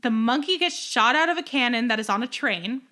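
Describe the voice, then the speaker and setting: A young woman co-hosting a podcast, ranting in animated casual chat. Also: on the high side, fairly quick. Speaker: podcast co-host.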